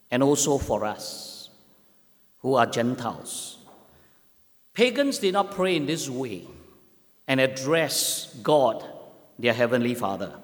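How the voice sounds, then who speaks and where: A man preaching a sermon as pastor, slow and emphatic, with long pauses. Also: a little high, big-room sound.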